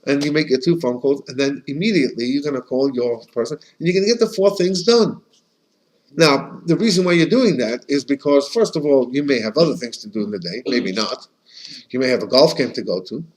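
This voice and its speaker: Speaking at a fairly quick clip in a medium-pitched, slightly mellow voice, a rabbi teaches an informal, anecdote-filled class. He keeps restarting his sentences and using Yiddish and Hebrew terms, while slight background noise mars the low-quality recording.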